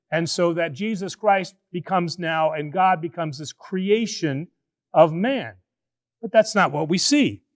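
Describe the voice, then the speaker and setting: Priest, male, high voice, lively conversational sermon delivery in a church. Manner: animated, conversational preaching with drawn-out emphasis.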